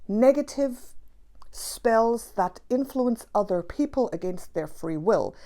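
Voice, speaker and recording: Woman, spiritual teacher talking to camera; slightly high voice, emphatic and passionate delivery. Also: animated, takes it slowly, mellow. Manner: passionate, emphatic, repeats key phrases.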